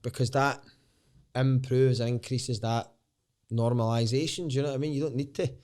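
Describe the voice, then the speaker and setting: A Scottish comedian in his thirties chats on a podcast, his voice sitting at an ordinary middle pitch. He tells lively anecdotes, swears now and then, and slips into voices for the people he quotes. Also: normal speed. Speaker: podcast guest, stand-up comedian. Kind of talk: casual storytelling chat.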